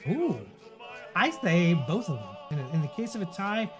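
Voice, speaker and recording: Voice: mid-range voice, big pitch swings, normal speed, music in the background. A playful, theatrical host running comedic game show banter. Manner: playful, theatrical, lots of fillers.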